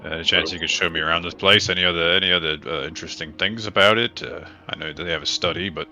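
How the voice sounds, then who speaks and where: A man's voice: low voice, fast, bright, forceful tone, soft background music. A man playing his character in a tabletop game, easygoing and hesitant, with many fillers. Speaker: player.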